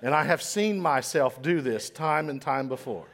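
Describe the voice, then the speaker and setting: A man's voice: mid-range voice, normal speed, a bit bright. A man giving a humorous motivational talk to a live audience, joking at his own expense and sometimes stumbling over words. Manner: self-deprecating, joking; admits trouble with certain words, occasional stammer. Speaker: invited speaker.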